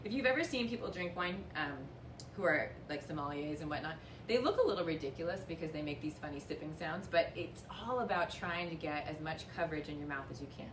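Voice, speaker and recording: A woman's voice: deep voice, animated, quick pace, background noise. Chatty woman in an echoey room. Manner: chatty and upbeat, with light self-mocking humor. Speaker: winery host giving a tasting lesson. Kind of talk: casual instructional demonstration. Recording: echoey room, voice picked up from a distance.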